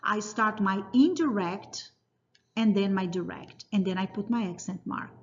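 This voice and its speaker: A woman teacher who explains grammar slowly and patiently and drills short word lists. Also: medium pitch, a little hiss or hum. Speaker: Spanish teacher. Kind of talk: recorded grammar lesson. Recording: dull lo-fi sound.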